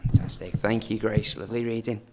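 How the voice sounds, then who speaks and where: A man's voice: lowish voice, level tone, a little fast, noisy background. A man leading a family church service, talking in a chatty, joking way and asking the children questions. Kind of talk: informal family service talk.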